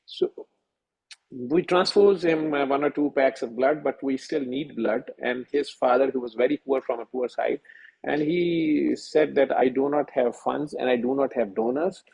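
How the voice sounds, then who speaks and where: A middle-aged man from Pakistan, a senior physician telling a personal story over a video call, halting and earnest with many fillers and restarts. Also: medium pitch, creaky, a little mellow, breathy edge, rough recording.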